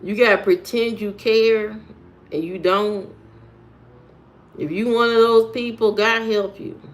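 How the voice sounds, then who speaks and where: A woman vlogger delivers a blunt, preachy straight-to-camera monologue, firing off rhetorical questions. Her mid-range voice stays steady in tone and moves slowly.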